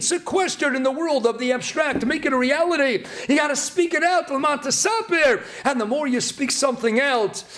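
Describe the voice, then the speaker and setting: A man giving a Torah talk as a rabbi, emphatic and repetitive, with bursts of loud emphasis. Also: extremely high pitch.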